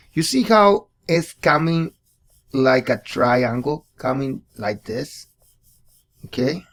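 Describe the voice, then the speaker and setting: A man's voice: medium pitch, vocal fry. A man hosting a casual drawing tutorial, thinking aloud and repeating words as he sketches. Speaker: art tutorial host.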